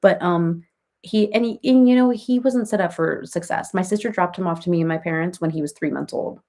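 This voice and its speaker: A woman's voice: on the low side, a little fast, a little mellow, close to an everyday voice. A woman playing a rambling, chatty reality-TV woman in a comedic parody livestream, who baby-talks her cats and answers viewers by name.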